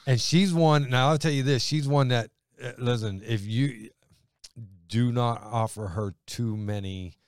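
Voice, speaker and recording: A man, a pastor, talking through scripture in an earnest conversational way, building to emphatic points and dropping low. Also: measured pace, no echo, clean studio sound. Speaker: pastor co-host.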